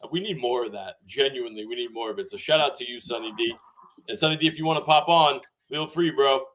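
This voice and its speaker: A man hosting a live crypto stream, talking in hyped, slangy bursts full of shout-outs. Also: mid-range voice, quick pace. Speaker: host. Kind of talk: casual live-stream chat.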